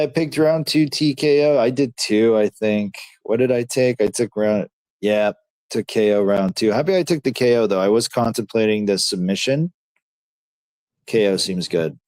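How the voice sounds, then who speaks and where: A man hosting a livestream, reacting excitedly to fights as they happen and reading chat in a slangy, casual way. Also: lowish voice, dry recording. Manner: excitable, slangy, talks to chat as dude and bro. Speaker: livestream host.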